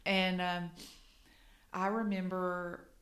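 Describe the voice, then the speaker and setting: A woman's voice: lowish voice, level tone, slow pace, fairly bright tone, roomy sound. A middle-aged woman with a Kentucky Southern accent, co-hosting a podcast in easy, plain-spoken chat. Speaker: podcast co-host. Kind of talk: casual chat and scripted intro.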